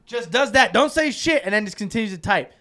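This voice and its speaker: A man's voice: high voice, a little fast. A young adult man telling a story in a casual chat, swearing freely and acting out the people in it. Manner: animated, swears a lot, acts out voices in stories. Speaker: guest comedian.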